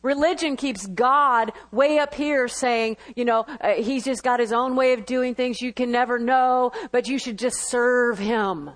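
High-voiced woman preaching a sermon. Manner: lively, laughing asides, quick bursts of speech.

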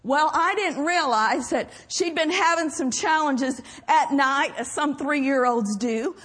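A woman's voice: high-pitched, takes it slowly, a bit bright. An older woman preaching a sermon, telling family anecdotes in an earnest way, often laughing.

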